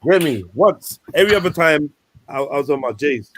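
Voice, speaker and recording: Passionate man with a high voice. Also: lively intonation, normal speed, noisy background. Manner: passionate, emphatic, street slang. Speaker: show host. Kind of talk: casual panel chat.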